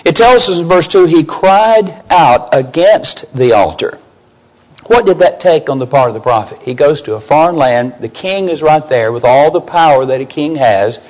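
A man's voice: fairly high pitch, animated, moderate pace, low-quality recording. A man preaching a sermon, emphatic, putting questions to his listeners and rising on key scripture lines.

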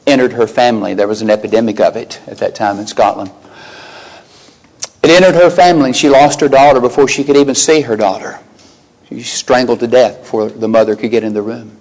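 A man, older, preaching a sermon, animated, rising sharply in pitch when quoting and exclaiming. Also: rough recording.

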